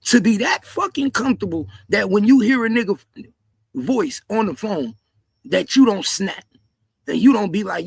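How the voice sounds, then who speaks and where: A man doing heated livestream commentary, repeating himself in disbelief and often shouting. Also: sits high, animated, normal speed, gravelly, breathy edge, no echo. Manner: repetitive, incredulous, frequently shouting. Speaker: commentary streamer.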